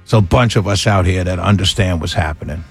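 A man's voice: deep voice, brisk, creaky, slightly rough, faint music behind. A man hosting a radio talk show, ranting in an incredulous, sarcastic way. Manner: animated, incredulous, ranting with sarcastic quoted voices and laughs. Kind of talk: opinionated radio monologue.

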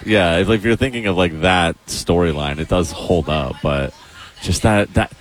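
A deep-voiced man chats casually as a co-host. He talks in an easygoing way and often restarts his sentences mid-thought. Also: moderate pace. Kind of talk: casual chat.

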